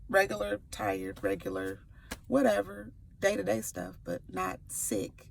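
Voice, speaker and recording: A woman's voice: mid-range voice, very animated, measured pace, gravelly, slight background noise. A woman in her forties telling her own story to camera, candid and playful, with slangy asides. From California. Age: 40s. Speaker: sickle cell advocate. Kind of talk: personal testimony to camera. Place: before work, recording a video.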